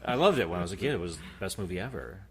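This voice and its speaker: A man in his thirties co-hosting a casual podcast, swearing freely and telling animated stories. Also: sits low, very fast. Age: 30s. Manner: profane, animated storytelling. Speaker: podcast co-host. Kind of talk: casual chat.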